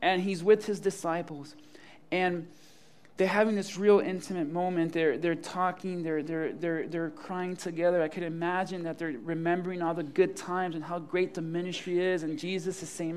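A man delivering a sermon with a fairly high voice. He reads scripture, then retells it in casual, animated voices, mixing drama with humor. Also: moderate pace. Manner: animated, acts out Bible scenes in casual voices, laughs often. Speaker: preacher.

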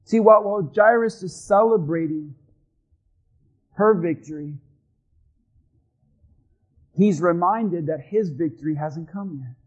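A man pastor delivering a sermon, swinging between shouting and hushed tones. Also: high voice, unhurried, long pauses, low-quality recording.

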